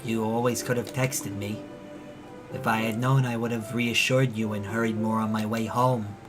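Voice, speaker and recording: A man's voice: on the low side, little pitch movement, normal speed, close to an everyday voice. A man voicing the easygoing teenage boy protagonist of a visual novel, reading his lines casually over game music. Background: background game music.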